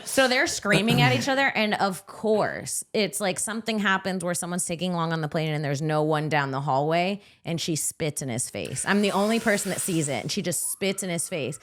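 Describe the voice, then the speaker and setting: A woman comedian telling a wild anecdote on a podcast, animated and profane. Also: low-pitched, normal speed. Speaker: comedian guest. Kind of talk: casual podcast storytelling.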